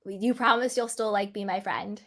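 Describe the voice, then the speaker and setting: A woman's voice: medium pitch, moderate pace, a bit bright. A woman hosting a casual online chat, teasing and giggly with her guests. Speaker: channel host.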